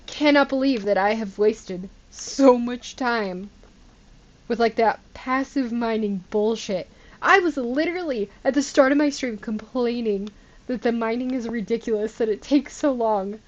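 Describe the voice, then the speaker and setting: A woman's voice: on the high side, expressive, a little slow, highs cut off. A woman streamer chatting casually over gameplay, talking to her viewers with exasperated disbelief and laughing at herself. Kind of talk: casual live gameplay commentary.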